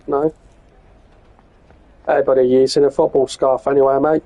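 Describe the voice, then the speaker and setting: A man's voice: mid-range voice, fairly even intonation, a little fast, creaky, pauses often, narrow, tinny audio. An English man talking casually to himself and his viewers while live-streaming a train game, chatty and muttering with some swearing. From England. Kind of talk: casual gameplay commentary.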